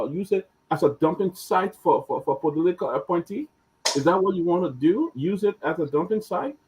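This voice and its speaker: A man on a political panel, indignant and firing rhetorical questions. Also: high-pitched. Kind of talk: political talk show commentary. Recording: distant, husky call audio.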